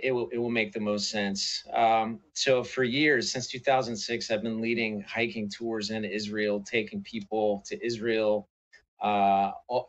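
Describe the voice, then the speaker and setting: A man's voice: fairly low pitch, a bit bright, low-quality recording. A middle-aged man, a pastor and author, telling a personal faith story as an interview guest in an earnest, reflective way with frequent fillers and restarts.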